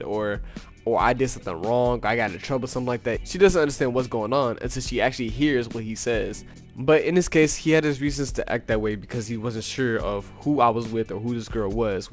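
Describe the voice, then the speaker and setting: A young man casually narrating a personal story in laid-back, slangy talk full of "you know.". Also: medium pitch. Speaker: storytime YouTuber.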